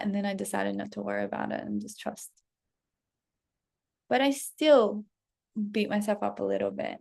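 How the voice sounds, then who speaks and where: A woman in her thirties who works as a self-development coach shares a personal story with her followers, candid and casual, with plenty of swearing and acted-out self-talk. Her voice is a little high, with vocal fry and a darkish tone.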